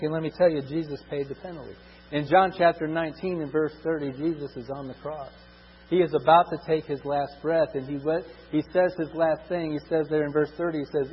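A man preaching a sermon, emphatic and repetitive, swelling louder and dropping soft to stress his points. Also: a little high, steady tone, brisk, breathy edge. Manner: emphatic, repetitive, rises and drops in volume for stress. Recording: muffled with long hall reverb.

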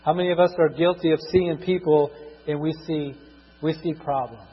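A middle-aged man preaching a sermon, husky, swinging between loud emphatic bursts and quiet asides, drawing out scripture verses slowly. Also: a little high, steady tone. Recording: dull lo-fi recording in a reverberant hall with mains hum.

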